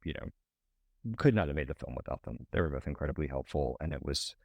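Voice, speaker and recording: A man from Alabama with a very deep voice talks as a documentary director on a podcast. He answers haltingly, restarting often, and his pitch jumps up when he gets going. The sound is close and dry. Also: lively intonation, creaky, a little mellow, no echo. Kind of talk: casual interview answers.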